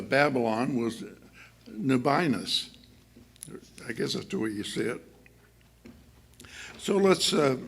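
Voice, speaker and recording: Male church speaker, gravelly, relaxed sermon delivery full of ums and restarts. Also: medium pitch. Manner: chatty, halting with many fillers and restarts; laughs often while speaking.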